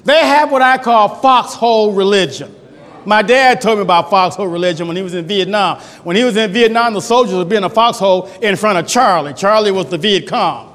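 High-voiced man preaching in an echoing church. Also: a little fast. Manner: emphatic preaching, swinging between loud shouting and low, quiet passages. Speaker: pastor. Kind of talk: sermon. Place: church sanctuary. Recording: long hall reverb.

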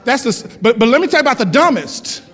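A male pastor preaching a lively sermon, repeating lines for emphasis and laughing often. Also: extremely high pitch, fast talker, husky. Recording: long hall reverb.

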